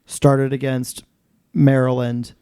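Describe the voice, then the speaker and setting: A man's voice: medium pitch, little pitch movement, slow, dark tone, clear, resonant tone, no echo, clean studio sound. A man co-hosting a casual podcast chat, matter-of-fact as he runs through stats. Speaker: podcast co-host.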